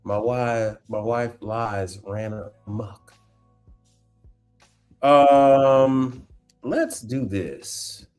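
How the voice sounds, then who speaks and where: Guy on a livestream, chatty and slangy, keeps going "wait wait wait", a bit of music playing low behind him. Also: very slow, pauses often. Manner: animated, exclaims and repeats himself, slangy. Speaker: appliance repair tech livestream host. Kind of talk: casual livestream chat while browsing online.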